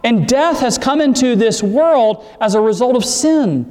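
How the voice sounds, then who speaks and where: A man preaching a sermon, explaining scripture and climbing in pitch on the words he stresses. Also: animated, a little slow, darkish tone, big-room sound. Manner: expository preaching, rising emphasis on key words. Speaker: pastor.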